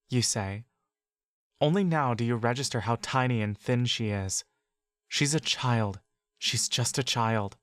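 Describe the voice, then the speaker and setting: A man narrates a fantasy story in the second person, slow and measured with steady intensity. His voice sits at a middle pitch and sounds dry and close to the mic. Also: clean tone, no echo.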